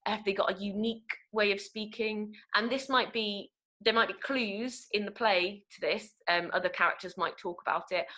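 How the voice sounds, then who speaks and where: A young woman with a Nottingham accent gives an online acting lesson. Her voice is bright and clear, at a middling pitch. She talks in a chatty way, with frequent ums and restarts, as if over a video call. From England. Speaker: acting workshop leader. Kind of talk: online webinar talk.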